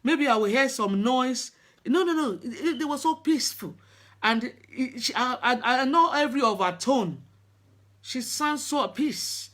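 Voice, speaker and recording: A woman's voice: sits high, animated, a bit bright. Earnest middle-aged woman. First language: Yoruba. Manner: earnest, halting, with many restarts. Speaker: spiritual practitioner. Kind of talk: personal storytelling talk.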